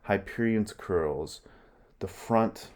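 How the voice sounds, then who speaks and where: A man's voice: fairly low pitch, slow pace, a little mellow. A man reading aloud as a young prince who rebukes his mother, in plain verse reading. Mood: reproachful. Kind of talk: verse read aloud in class.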